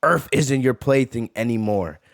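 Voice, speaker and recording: A man voicing a calm, stern male martial arts hero from a comic, reading his lines in a lowered, cool tone. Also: moderate pace, gravelly, no echo, studio quality, lightly acted.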